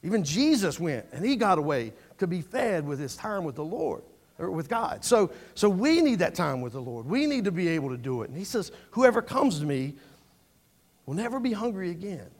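A man preaching a sermon in a church, speaking earnestly and conversationally, often repeating words as he goes. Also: high-pitched. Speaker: pastor.

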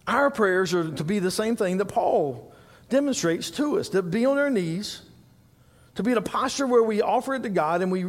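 High-voiced preacher in a reverberant hall. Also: male voice, normal speed. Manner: animated storytelling, laughing at his own stories, rising to loud emphasis. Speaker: pastor. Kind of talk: sermon.

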